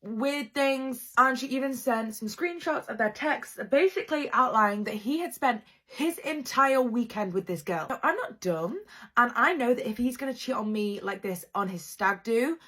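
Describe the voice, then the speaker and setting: A woman's voice: a little high, lively intonation, normal speed, fairly bright tone. Chatty young woman telling a story. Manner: dramatic, chatty, addresses viewers directly. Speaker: storytime creator. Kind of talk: storytime narration.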